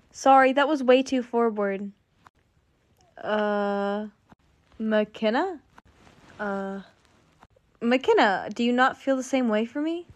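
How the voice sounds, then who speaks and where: Young woman, high voice, voicing every role of a dramatic teen cartoon story. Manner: dramatic teen dialogue, excitable. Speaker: voice-over storyteller. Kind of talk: acted cartoon story voicing all roles.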